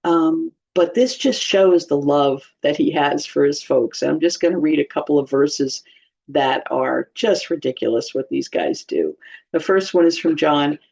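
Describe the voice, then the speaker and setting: A woman's voice: deep voice, animated, unhurried, creaky, darkish tone, slightly rough. A woman giving informal, humorous Bible teaching in a chatty way, laughing often. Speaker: church teacher. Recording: slightly dull lo-fi sound.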